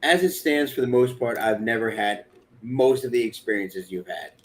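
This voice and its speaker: A man's voice: medium pitch, moderate pace. A man in casual chat, talking in a dry, teasing way.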